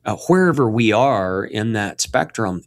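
A man speaking as a guest in a Christian radio interview, earnest and preacherly, often restarting and repeating words, and rising to emphatic peaks when he gets excited. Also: fairly low pitch, measured pace, dry recording.

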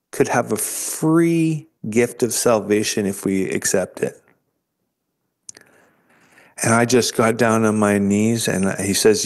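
A man earnestly recounting a life-changing experience as an interview guest, halting and restarting as he goes. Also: lowish voice. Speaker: guest sharing his testimony. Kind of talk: emotional storytelling.

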